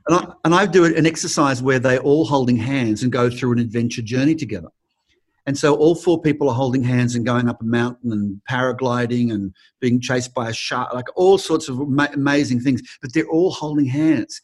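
Expressive Australian man, acting teacher. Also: mid-range voice, brisk. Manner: expressive, acts out quoted people, frequent restarts. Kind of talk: interview answers, storytelling.

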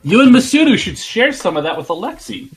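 A man running a tabletop game as game master, talking in halting bursts full of fillers. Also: sits high, very animated, husky.

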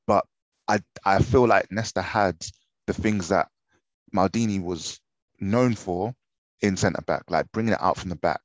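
A young man co-hosting a football podcast, relaxed and chatty, often restarting his sentences. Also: low-pitched, measured pace, no room sound, muffled recording. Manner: relaxed, laughing, hesitant restarts. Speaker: podcast co-host. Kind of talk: casual football chat.

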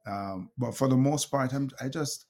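A man's voice: medium pitch, normal speed, darkish tone. A middle-aged man with a Jamaican accent, a guest telling anecdotes with frequent laughs, fillers and restarts. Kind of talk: storytelling conversation.

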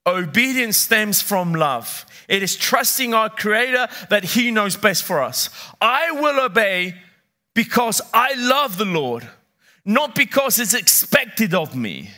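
A man's voice: high-pitched, very animated, takes it slowly, pushed and bright. A middle-aged man preaching a sermon as pastor, emphatic, repeating key phrases and putting questions to his congregation. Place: church.

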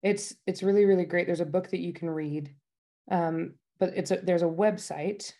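Bubbly woman with a low voice. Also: fairly even intonation, moderate pace, mellow. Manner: bubbly, laughs often, enthusiastic about food. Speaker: dialect coach at a themed park. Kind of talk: casual interview chat. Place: Utah.

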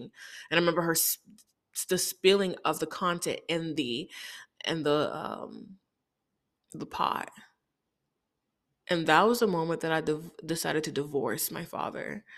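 A woman's voice: lowish voice, fairly bright tone. A woman from Haiti telling a candid, reflective personal story, often quoting people in dialogue.

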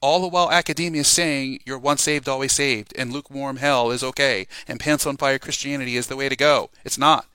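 A man's voice: medium pitch, steady tone, a little fast, hardly any pauses, bright, forceful tone, clear, resonant tone, dry recording. A man preaching an urgent warning sermon, repeating himself and exhorting listeners to repent. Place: home, podcast voice message.

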